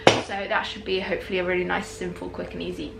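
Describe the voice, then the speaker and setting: A woman's voice: on the low side, flat delivery, fast talker, creaky, reverberant, very noisy. A young British woman chatting casually in a food vlog at home, bubbly and full of "like". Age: young adult. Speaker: vlogger. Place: home kitchen and garden.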